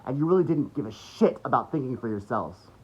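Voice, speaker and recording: A man's voice: medium pitch, expressive, a little fast, husky. A man delivering an angry, mocking political rant full of swearing. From United States. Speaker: political commentator. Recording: dull lo-fi recording.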